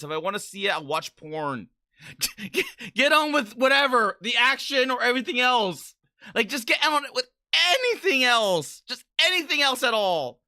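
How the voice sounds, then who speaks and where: A woman livestreamer with a fairly high, sharp-toned voice chats casually as she reads out and answers viewer messages. She rambles and stumbles through restarts along the way.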